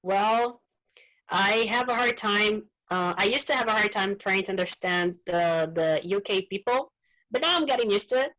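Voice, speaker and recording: This meeting participant, a Brazilian woman whose native tongue is Portuguese, talks casually in English in an online group call at a normal speed and medium pitch. The recording is rough, and she's animated, frequently repeating words as she looks for them.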